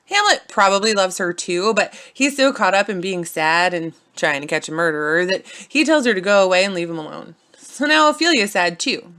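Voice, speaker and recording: A woman's voice: mid-range voice, expressive, a little fast, pushed and bright. Bubbly woman narrating a silly storybook. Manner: bubbly, playful, teen-slang asides.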